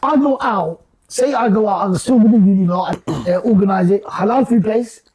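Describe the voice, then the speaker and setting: A man, a podcast guest in casual chat, telling stories in an animated, emphatic, slangy way. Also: high-pitched, moderate pace, slightly rough, poor audio.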